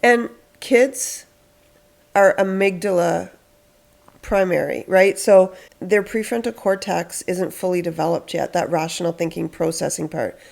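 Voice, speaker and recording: Woman counsellor, gravelly voice. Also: on the low side, measured pace, a little mellow. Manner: explains patiently, acts out parents' lines. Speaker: counsellor and podcast host. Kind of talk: casual advice chat.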